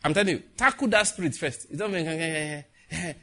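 A Nigerian man preaching a sermon, mixing Pidgin asides with animated warnings and slow, solemn prayer lines. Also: on the high side. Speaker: pastor.

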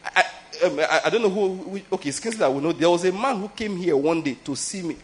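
A man's voice: high-pitched, fast talker, breathy edge. A middle-aged man with a Nigerian accent, preaching in a conversational teaching style and often checking that listeners follow him. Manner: conversational teaching, often asks if listeners get his point. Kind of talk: sermon.

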